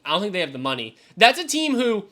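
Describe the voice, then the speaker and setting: A young male streamer with a bright, fairly high voice talks loosely to his live chat. He swears freely and keeps up an easygoing commentary. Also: huge pitch swings, fast. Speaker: fantasy football streamer.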